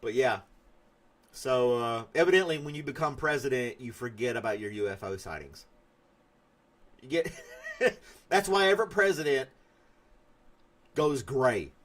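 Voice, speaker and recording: A man's voice: mid-range voice, animated, measured pace, pauses often, a bit bright. A man hosting a casual live stream, chatting loosely and reading viewer comments as he rambles. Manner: rambling, chatty, laughs at his own stories.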